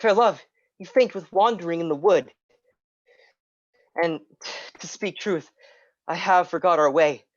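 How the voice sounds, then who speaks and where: A woman's voice: lowish voice, a little slow, pauses often, no room sound, highs cut off. A woman playing the young lover Lysander, speaking verse earnestly in a community theatre reading. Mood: ardent. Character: young Athenian lover Lysander, ardent man.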